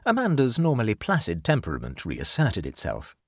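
A man narrating a classic short story aloud in an expressive, measured way. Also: lowish voice, breathy edge, no room sound, studio quality.

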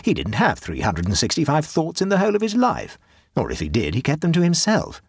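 A dutiful, faintly gloomy Edwardian husband, voiced by a male reader in a storybook reading. He talks in an earnest, plodding way with a husky tone. His voice rises and falls a great deal, close and dry. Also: on the high side, huge pitch swings, brisk, no room sound, pitched above the performer's own voice, exaggerated voice.

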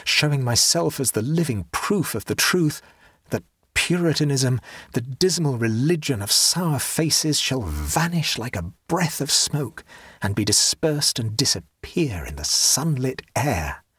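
A man's voice: medium pitch, very animated, measured pace, a bit bright, husky, no echo, studio quality, full character voice. A man reading the part of a serene, rapturous young man who talks with ecstatic, preaching fervor. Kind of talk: audiobook character reading.

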